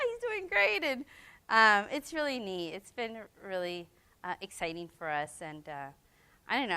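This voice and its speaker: Bright, chatty middle-aged mom. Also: female voice, medium pitch, clear, resonant tone. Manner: chatty, sentimental, quick asides with laughter. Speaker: mother and business co-founder. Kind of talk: public Q&A talk at a library.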